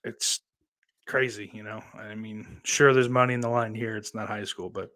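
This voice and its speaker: A man's voice: on the low side, fairly even intonation, moderate pace, sharp tone. Profane rambling male streamer. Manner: profane, rambling, swings from ranting to subdued. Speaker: streamer host. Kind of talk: casual live-stream commentary.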